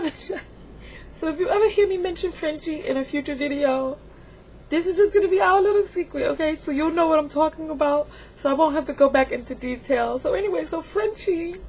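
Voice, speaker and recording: A woman vlogger rambling and giggling through a comedic confession, animated and chatty. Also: a little high. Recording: slightly dull home video, faint hiss.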